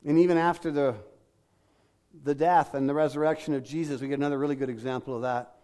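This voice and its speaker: A man's voice: fairly high pitch, fairly even intonation, quick pace, warm tone. A middle-aged man preaching a sermon in a conversational way, acting out quoted lines and asking the congregation questions. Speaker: pastor.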